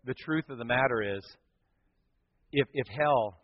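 A man preaching a sermon as pastor, telling a story with big swings from loud to hushed. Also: mid-range voice, measured pace. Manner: animated storytelling with dramatic swings in volume. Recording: dull sound with long hall reverb.

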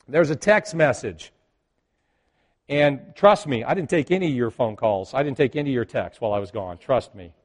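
Pastor guy telling a story from the pulpit, bit high-pitched, jokey, gets loud then goes quiet. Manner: animated storyteller, swings between loud and hushed; jokes with the congregation. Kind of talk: storytelling sermon.

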